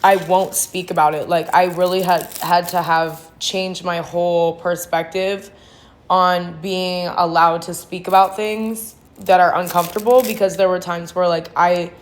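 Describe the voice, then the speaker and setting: A woman with a somewhat low voice tells her story in a blunt, foul-mouthed, slangy way. She rambles, restarts her sentences and leans on "like". A faint hum of background noise sits under her voice. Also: level tone, a little slow. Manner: blunt, heavy swearing, slangy. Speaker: vlogger sharing her sobriety testimony. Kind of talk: candid personal storytelling.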